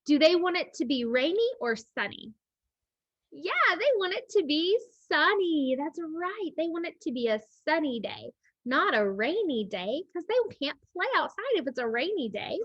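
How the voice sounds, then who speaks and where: A woman librarian leading a children's storytime, reading a picture book aloud in a slow, animated way and asking the young listeners questions. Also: sits high, no room sound, dull audio.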